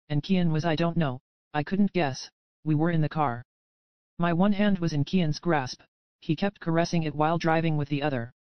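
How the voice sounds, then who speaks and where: A narrator reads an emotional first-person romance audiobook in a smooth, clear voice. The sound is dry and close, with a slightly dull, lo-fi quality. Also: mid-range voice, no echo.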